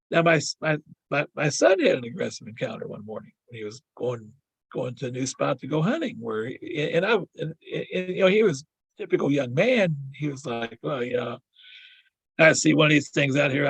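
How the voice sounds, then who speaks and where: A man's voice: fairly high pitch, animated, moderate pace, gravelly, breathy edge, no room sound. An older man, a podcast guest, telling a long story in a rambling way, repeating words and acting out the people he quotes. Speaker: guest sharing encounter stories. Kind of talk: casual storytelling.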